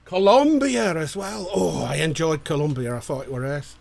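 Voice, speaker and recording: A man's voice: fairly high pitch, normal speed, creaky, darkish tone. A man, co-hosting a casual livestream and jokingly reading out viewer greetings. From England. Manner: jokey, bantering, stumbles over names.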